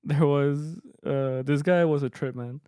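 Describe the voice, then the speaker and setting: A man co-hosting a podcast, telling a gig story in relaxed chat and switching between English and Spanish. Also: a little high, a little slow, clean tone, no echo, clean studio sound. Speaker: podcast co-host, mariachi musician. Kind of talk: casual chat.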